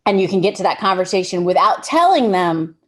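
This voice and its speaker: A woman's voice: lowish voice, very animated, fairly quick. A woman giving a casual workshop talk on directing actors, explaining with everyday examples and often restarting her sentences. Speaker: film directing instructor.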